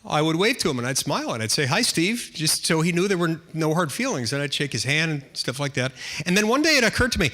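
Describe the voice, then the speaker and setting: Bright-voiced man telling a dry funny story. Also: fairly high pitch, very animated, fast, hardly any pauses. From United States. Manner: self-deprecating, dry humor with many restarts. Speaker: senator giving a speech. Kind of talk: humorous anecdotal speech.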